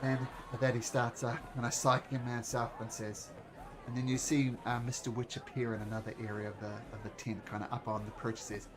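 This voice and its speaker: A man's voice: mid-range voice, level tone, fairly quick, crowd noise. A man narrating a tabletop game as game master, in a loose, casual way with frequent restarts.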